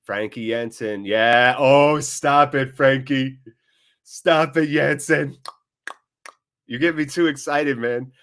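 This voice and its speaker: A man hosting a live football watchalong, chatting casually, joking, getting excited and reading out viewer comments. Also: medium pitch, slow pace. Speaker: watchalong host.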